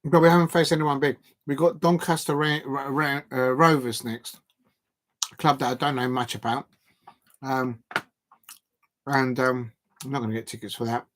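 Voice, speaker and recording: A man hosting a live football watch-along, ranting in an animated, exasperated way and often restarting his sentences. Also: medium pitch, normal speed, long pauses. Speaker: football fan live-stream host. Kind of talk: casual watch-along commentary.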